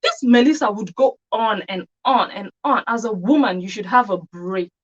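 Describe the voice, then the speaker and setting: A woman's voice: mid-range voice, normal speed, highs cut off. A woman giving an opinionated commentary monologue on her channel, scornful and full of rhetorical questions. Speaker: commentary vlogger.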